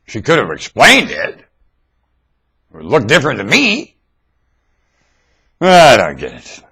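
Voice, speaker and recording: A man's voice: medium pitch, wildly swooping pitch, a little slow, gravelly, bright, forceful tone, slightly rough. A man rambling in a loose monologue to his webcam, stammering and repeating himself. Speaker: webcam vlogger. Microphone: webcam mic.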